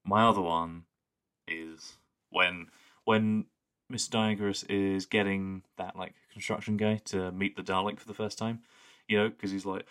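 A man's voice: sits low, fairly even intonation, measured pace, fairly bright tone. A man co-hosting a podcast in casual chat, talking in a rambling, enthusiastic way. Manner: rambling, enthusiastic, full of "like" fillers. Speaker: podcast co-host.

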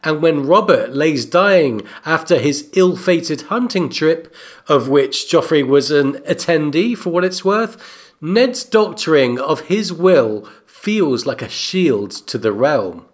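Slow-talking man giving literary commentary. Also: on the high side, expressive. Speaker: podcast co-host. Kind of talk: book analysis commentary.

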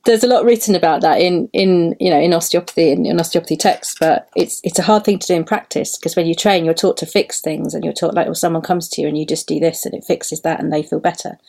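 A woman osteopath speaking as a guest on a podcast, thoughtful and measured. Her voice is low and noticeably gravelly. She explains things calmly and carefully. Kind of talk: casual conversation.

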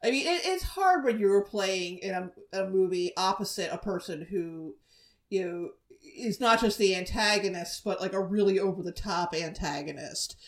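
A woman chatting about a film on a podcast, often stopping and restarting mid-thought. Her voice rings with a noticeable room echo. Her pitch is middling. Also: expressive, far from the mic. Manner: halting, restarts a lot. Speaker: podcast co-host. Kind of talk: casual film discussion. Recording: echoey room.

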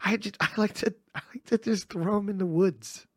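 A man putting on an unhinged, flirty female pop star who is a reckless mother, giggly and mock-innocent with a breathy, gravelly voice. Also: high-pitched, normal speed, no echo, clean studio sound. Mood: manic innocent. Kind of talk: comedy podcast impression.

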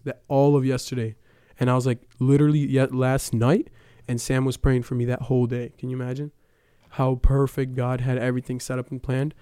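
A young man tells his church testimony in a relaxed, rambling way, leaning on fillers and retelling conversations. His voice is smooth and mellow, with little rise and fall. The sound is close and dry. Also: mid-range voice, no echo. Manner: casual, storytelling with many fillers. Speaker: church youth member giving testimony. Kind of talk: personal testimony.

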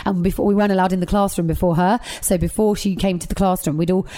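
A woman, a guest chatting casually and telling lively stories with quick asides. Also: on the low side. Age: 30s. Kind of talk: casual chat.

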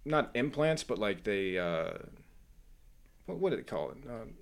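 A young man co-hosting a podcast, telling a story in casual, animated chat full of swearing. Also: fairly low pitch, a little slow, vocal fry. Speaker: podcast co-host.

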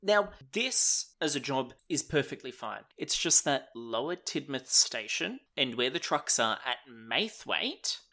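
A man's voice: mid-range voice, sing-song, a little slow, hardly any pauses, pushed and bright. A man co-hosting a podcast, chatting in an enthusiastic, jokey way. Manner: enthusiastic, jokey, frequent restarts. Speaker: podcast co-host. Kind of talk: casual review chat.

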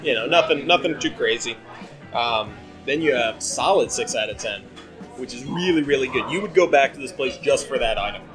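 Male podcast host, mid-pitched, loose rambling chat with frequent laughs, music behind. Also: expressive, a little fast. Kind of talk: casual chat.

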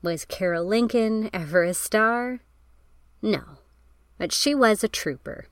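A woman's voice: mid-range voice, takes it slowly, clear, resonant tone, dry recording. Woman narrating film history, wry. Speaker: podcast host.

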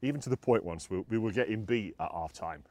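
A man's voice: lowish voice, expressive, quick pace, darkish tone, no echo. A middle-aged man, chatting casually and laughing often as he tells old team stories. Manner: storytelling, laughs often, many fillers. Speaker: former footballer guest. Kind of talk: casual chat.

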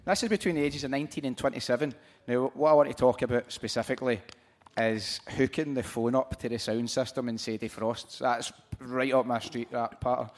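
Male podcast host, mid-pitched, steady interviewer. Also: fairly quick.

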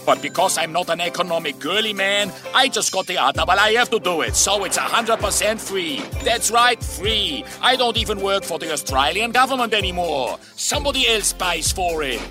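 A man's voice: sits high, lively intonation, normal speed, few pauses, pitched above the performer's own voice. A man doing a German-accented impression of a smug former finance minister in a mock airline ad. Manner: smug, salesman-like, soft R. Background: music.

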